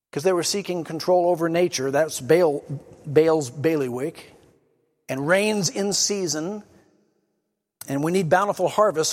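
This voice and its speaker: A man's voice: fairly high pitch, in a large hall. A man preaching a sermon, explaining scripture in an earnest teaching manner and reading passages aloud with emphasis. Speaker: pastor.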